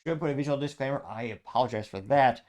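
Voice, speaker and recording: A man's voice: mid-range voice, fast talker, darkish tone. A man hosting a political news podcast, talking casually and rambling with asides. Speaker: podcast host.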